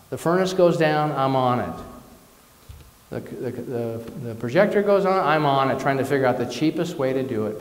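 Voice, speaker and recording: Fairly high-voiced male minister in an echoing hall. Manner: candid, personal storytelling with self-deprecating asides. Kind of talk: conversational sermon. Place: church or spiritual centre hall. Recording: echoey hall with long reverb.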